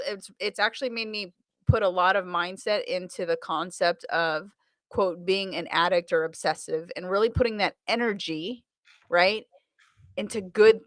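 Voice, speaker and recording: A woman's voice: medium pitch, no room sound, studio quality. An American woman in the car sales business, chatting energetically in an interview, laughing often and restarting her sentences. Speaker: automotive sales trainer, guest. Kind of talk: casual interview chat.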